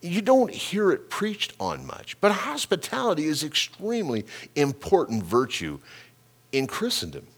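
Animated male pastor telling a story. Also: a little high, unhurried, slightly rough. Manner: animated storytelling, repeats words, makes sound effects. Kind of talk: sermon with personal story.

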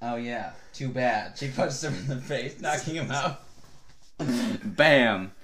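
A man's voice: mid-range voice, slow, slight background noise. Man reading silly fan fiction aloud. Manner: reads in a mostly flat voice, often breaking into laughter.

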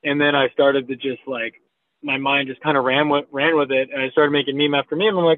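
Speaking a little fast in a level, medium-pitched tone, this thirtysomething podcast guest who makes memes spins a rambling, profane tale full of "like" and "you know." There's no echo, though the sound is tinny and phone-like.

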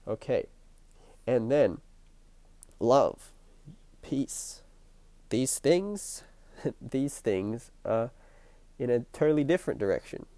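A man hosting his own podcast with a stuffy, nasal voice and a croaky throat, musing in a reflective spiritual monologue and repeating his phrases as he thinks aloud. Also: mid-range voice, lively intonation, slow pace, long pauses, dark tone, no room sound. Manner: musing, repeats phrases, chuckles between thoughts. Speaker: podcast host. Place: at home at night.

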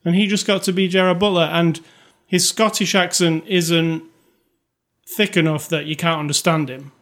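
A man's voice: a little high, steady tone, moderate pace, fairly bright tone. A man co-hosting a casual movie review chat, rambling and conversational with lots of fillers. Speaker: podcast co-host.

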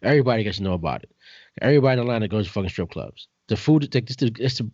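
A man's voice: on the low side, expressive, rapid-fire, darkish tone, husky, dry recording. Man, podcast host, laid-back, profane, dull lo-fi sound. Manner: laid-back, profane, keeps saying "you know what I'm saying". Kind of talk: casual podcast chat. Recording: dull, dry lo-fi recording.

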